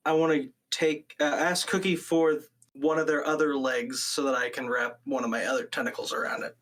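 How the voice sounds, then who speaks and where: A man playing a tabletop role-playing game, who chips in with quick joking asides. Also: fairly high pitch, little pitch movement, a bit bright. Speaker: player. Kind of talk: casual tabletop game play.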